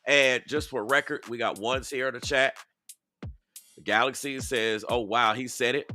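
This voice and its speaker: A man's voice: mid-range voice, steady tone, moderate pace, pushed and bright, faint music behind. A man hosting a casual live-stream commentary, talking straight to his viewers and repeating himself for emphasis. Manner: repetitive, emphatic, addresses viewers directly. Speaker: online commentary host. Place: outdoors.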